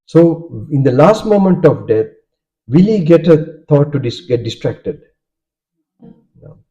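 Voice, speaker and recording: Taking his time, a mellow-voiced Sri Lankan monk, native to Sinhala, leads a Dharma talk in a somewhat high register with big pitch movement. He asks the audience questions and keeps checking in with "okay?". The clip has a dull, lo-fi character.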